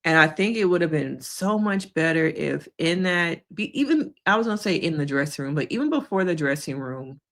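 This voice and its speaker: A woman talks to her viewers in a relaxed, conversational reaction style. Her voice sits a little low but swings widely in pitch. She keeps acting out other people's quotes in high, squeaky voices. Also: fairly quick, few pauses. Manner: conversational, addresses viewers directly. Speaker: therapist reacting to a reality show. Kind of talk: casual reaction commentary.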